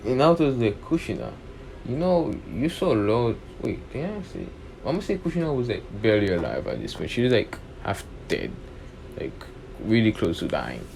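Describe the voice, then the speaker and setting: A creaky, slightly mellow, fairly low male voice with huge pitch swings moves at normal speed. The young speaker casually retells a fan story off the cuff, rambling with many restarts and the repeated fillers "pretty much" and "and stuff." Faint background noise is present.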